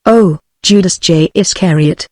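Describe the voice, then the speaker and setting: A text-to-speech woman's voice with a British English accent, reading the lines of a desperate middle-aged male frontier sheriff in a storybook, in a flat way. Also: lowish voice, measured pace, dry recording, clean studio sound. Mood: pleading. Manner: flat synthetic reading of dialogue.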